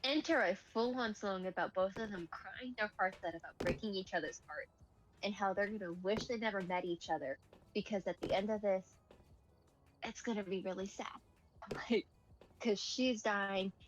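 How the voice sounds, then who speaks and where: A woman streamer chatting casually, retelling a film plot with lively storytelling and acted-out quotes. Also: mid-range voice, moderate pace. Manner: animated storyteller, acting out quoted lines. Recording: dull lo-fi mic with faint noise.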